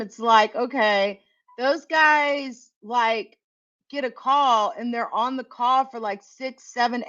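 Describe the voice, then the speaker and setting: Salty woman, slow candid storyteller. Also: fairly high pitch, a bit bright. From United States. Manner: candid, profane, laughs often. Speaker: tech channel host. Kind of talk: casual storytelling. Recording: dull lo-fi recording.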